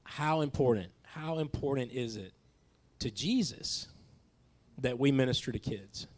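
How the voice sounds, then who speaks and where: A man leading a Bible class discussion in a church classroom. His voice is mid-pitched, and he talks casually and kindly, often restarting his words. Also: lively intonation, measured pace, darkish tone. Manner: casual, stumbling restarts, friendly.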